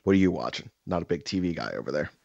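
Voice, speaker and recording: A man co-hosting a podcast, telling stories in a casual, profane, exaggerated ranting way with loud bursts. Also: low voice, lively intonation, very fast, creaky, dry recording, muffled recording. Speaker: podcast co-host. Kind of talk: casual storytelling chat.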